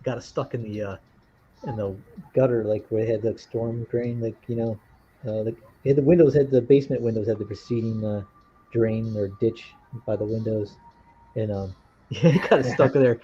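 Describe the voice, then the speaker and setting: Brief: mid-pitched man, rambling storyteller, muffled lo-fi mic with faint hiss. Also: fairly even intonation, moderate pace, mellow. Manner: rambling, searches for words. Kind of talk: casual chat, storytelling. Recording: dull lo-fi sound with faint noise.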